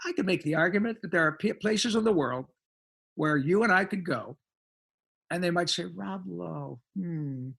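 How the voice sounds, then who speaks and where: A man in his sixties, a voice actor chatting as a guest in a casual podcast, playful and animated. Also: high voice, brisk, long pauses, husky.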